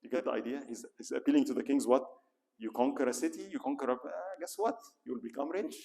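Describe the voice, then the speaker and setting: A man's voice: mid-range voice, fast, creaky. A man teaching a history lecture in a mosque hall, telling the story vividly, acting out quoted speeches and asking the audience rhetorical questions. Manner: animated storytelling, acts out quoted speeches in a raised dramatic voice.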